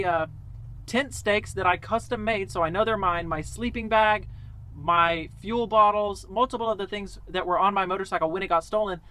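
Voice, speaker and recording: A young man telling a story casually to camera, animated, with lots of fillers and quoted dialogue. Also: high-pitched. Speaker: vlogger.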